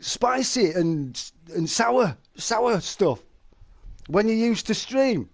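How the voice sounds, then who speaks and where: A man's voice: high voice, lively intonation, takes it slowly, gravelly. A middle-aged man, chatting casually to viewers on a live stream and telling stories. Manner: chatty, storytelling, calls listeners mate.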